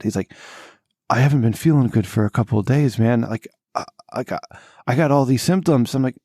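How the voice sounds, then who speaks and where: A man co-hosting a podcast, telling a long story in casual chat, swearing freely and jumping to a high, exasperated voice when he quotes himself. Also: fairly quick, dry recording, studio quality. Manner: animated, profane, voice jumps high when exasperated. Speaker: podcast co-host.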